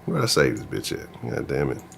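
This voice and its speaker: A man hosting a live sports talk stream, ranting in an animated, profane, casual way. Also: extremely low pitch, a little fast, vocal fry, a little hiss or hum. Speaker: sports talk show host.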